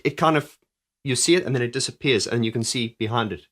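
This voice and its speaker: A music reviewer talks through an album's keyboard parts, his medium-pitched voice brisk over background music. He's casual and enthusiastic, rambling with many restarts and singing along now and then.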